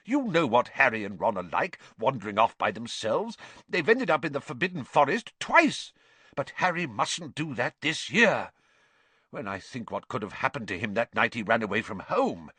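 A man's voice: medium pitch, sing-song, normal speed, pushed and bright, breathy edge, no echo, exaggerated voice. A man voicing a worried, insistent middle-aged father in an audiobook reading, speaking urgently and emphatically.

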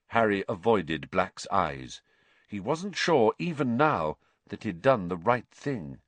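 A man reads a story aloud as narrator, with expressive delivery. His pitch moves a great deal through each sentence. The recording is close and dry. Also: slow, dry recording. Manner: expressive reading. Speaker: audiobook narrator. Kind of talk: scripted narration.

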